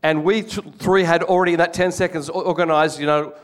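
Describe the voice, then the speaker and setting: A man's voice: on the high side, fairly even intonation, quick pace. A man telling his life story as a testimony sermon to a congregation, earnest, often restarting and repeating words. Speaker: guest speaker giving testimony.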